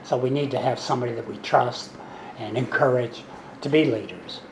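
A man's voice: mid-range voice, moderate pace, vocal fry, roomy sound, background noise. A man in his seventies speaks at a recovery meeting. His talk is folksy and wry, and he often repeats himself. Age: 70s. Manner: folksy, repetitive, wry and sarcastic. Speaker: speaker sharing recovery story. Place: meeting room.

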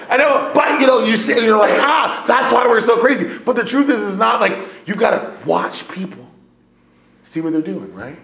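With a high-pitched voice and vocal fry, an American man shares his recovery story at a live AA meeting, talking fairly quickly. He's animated and conversational, leaning on fillers and "right?" as he shifts from hushed to loudly shouting. Room echo and faint background noise fill the recording.

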